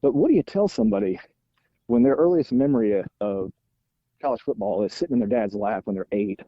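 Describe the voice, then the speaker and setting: A middle-aged man, a podcast guest telling stories in animated, self-deprecating casual chat. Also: lowish voice, brisk, no room sound, lo-fi sound. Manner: animated, self-deprecating storyteller with rising exasperation. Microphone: phone while out walking.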